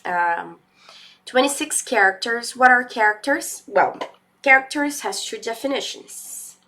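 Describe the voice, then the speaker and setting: A woman's voice: fairly high pitch, animated, a little slow, bright, forceful tone, slight background noise. A woman with a Brazilian accent teaching English in a live lesson, explaining patiently step by step and switching into Portuguese.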